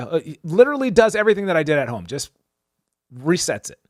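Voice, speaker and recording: A young man with a fairly high voice tells a story on a podcast, animated and casual, leaning on "like" and "dude". He acts out the people he talks about. The recording is dry and close, with no room sound. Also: quick pace, no room sound. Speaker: podcast co-host.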